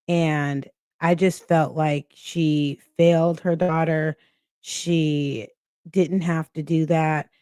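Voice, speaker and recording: A woman's voice: low-pitched, no room sound, studio quality. A woman hosting a reaction livestream, talking critically and with exasperation to her viewers. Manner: slow, critical, exasperated commentary. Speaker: reaction channel host. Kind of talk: casual commentary to livestream viewers.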